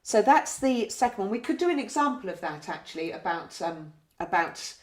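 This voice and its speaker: A nurse explaining care to health staff in a gentle, patient way, often ending points with tag questions. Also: female voice, medium pitch, sing-song, moderate pace. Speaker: community learning disability nurse. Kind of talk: training talk with role-play. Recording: roomy echo.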